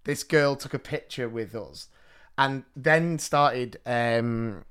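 A man, co-hosting a podcast and telling stories in a casual, animated way. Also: mid-range voice, takes it slowly, smooth. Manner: animated storytelling with laughs. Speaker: podcast co-host. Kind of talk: casual chat.

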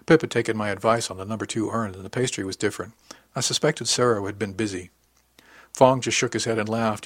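A man narrating a first-person audiobook in an even, wry storytelling manner. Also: lowish voice, fairly quick, no room sound.

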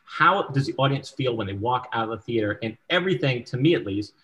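Man, screenwriter guest, casual and frank, swears, keeps checking in, mid-pitched voice. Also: animated, fast talker, pushed and bright, low-quality recording. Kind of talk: casual interview talk.

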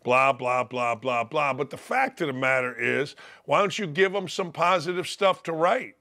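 An older man hosting a sports radio show, ranting bluntly and mockingly, his voice gravelly from days of yelling. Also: fairly high pitch, normal speed. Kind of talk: opinionated sports radio rant.

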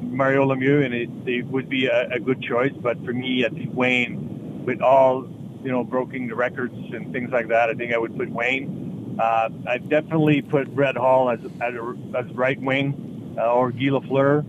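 A man's voice: medium pitch, little pitch movement. Man, muffled. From Quebec City, Canada. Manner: halting, filler-heavy. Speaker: guest, former hockey player. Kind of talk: casual interview chat. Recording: muffled with background noise.

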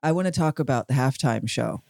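A woman co-hosting a chat show, telling a story with teasing, animated delivery. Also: a bass voice, brisk, creaky, faint music behind. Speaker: podcast co-host. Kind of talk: casual chat.

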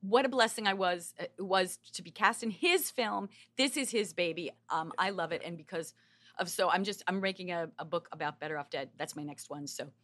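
A woman's voice: on the low side, brisk, fairly bright tone. A woman actress chatting casually as an interview guest, with many fillers.

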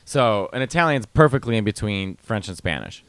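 A man with a smooth, clear voice, talking casually on a podcast. He tells stories with animation, sprinkles in foreign phrases, and sounds dry and close to the mic. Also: fairly low pitch, a little fast, no room sound. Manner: animated storyteller, slips into Italian phrases.

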